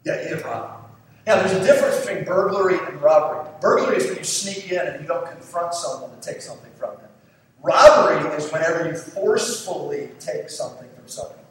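A male pastor preaching a sermon in a church, lively and conversational, quizzing the congregation as he goes. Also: a little high, a little fast. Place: church sanctuary. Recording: echoey hall from far off, faint noise.

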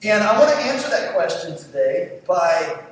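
A man preaches a sermon in a lively, conversational way, often throwing questions to the congregation. His voice sits fairly high. It echoes heavily through a large church and sounds distant from the mic, with faint noise behind it. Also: moderate pace. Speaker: pastor. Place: church sanctuary.

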